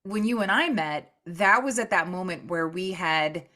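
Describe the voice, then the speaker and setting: A woman with a lowish voice talks at a normal speed, hosting a casual podcast chat. She's an animated storyteller who keeps jumping into quoted voices as she tells her stories.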